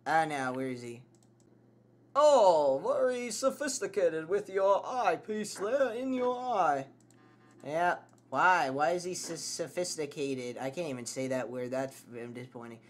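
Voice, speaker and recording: A man's voice: a little high, lively intonation, a little slow. A man commentating a horror game, swearing and yelping at scares. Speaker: gameplay commentator.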